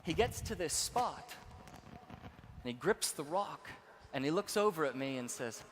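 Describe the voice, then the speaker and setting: A young man giving a storytelling keynote speech to a conference audience in a large hall, going from quiet narration to shouted excitement. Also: fairly high pitch, unhurried, slight background noise. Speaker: keynote speaker. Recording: reverberant hall with faint ambience.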